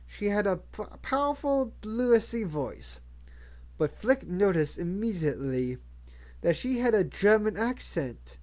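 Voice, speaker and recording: A reader narrating a novel aloud in a measured way, with occasional stumbles and restarts. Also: medium pitch, sing-song, a little mellow. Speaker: audiobook reader. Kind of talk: audiobook narration.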